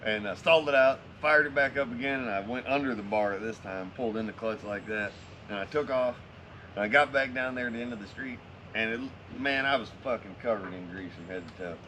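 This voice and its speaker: A man's voice: medium pitch, brisk, sharp tone, a little hiss or hum. Swearing man telling a story outdoors. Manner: profane, laid-back drawl, swears constantly. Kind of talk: casual storytelling with friends.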